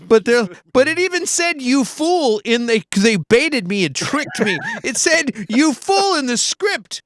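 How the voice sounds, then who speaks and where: A man's voice: extremely high pitch, big pitch swings, a little slow, fairly bright tone, no room sound. A man who works as a voice actor, chatting casually and telling stories with lots of restarts. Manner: rambling storyteller, many restarts, slips into voices. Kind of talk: casual chat.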